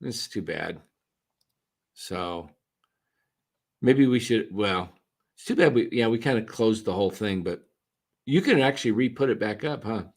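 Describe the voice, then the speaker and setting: A man's voice: lowish voice, expressive, a little slow, long pauses. Rambling man chatting about baseball. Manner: rambling, restarts sentences often. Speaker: podcast co-host. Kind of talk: casual postgame chat. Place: attended the game in a ballpark, now talking on a stream.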